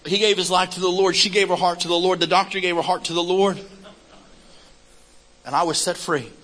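A man telling a lively, comic testimony story in a sermon, acting out the people in it. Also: sits high, a little fast, slight background noise, poor audio. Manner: animated, comic storytelling with acted quotes.

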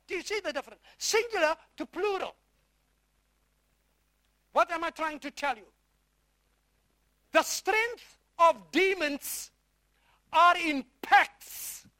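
Emphatic preacher, high and bright-toned, drawn-out delivery, drills points with repeated questions. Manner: repeats phrases, quizzes the audience with questions; emphatic, stretching key words slowly. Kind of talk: sermon with Bible reading.

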